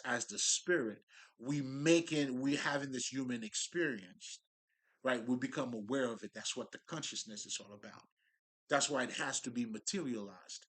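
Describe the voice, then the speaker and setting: Male spiritual talker, bright tone, casual profane street-style musing with restarts. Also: medium pitch. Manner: loose, profane street talk, restarts and laughs. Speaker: spiritual speaker.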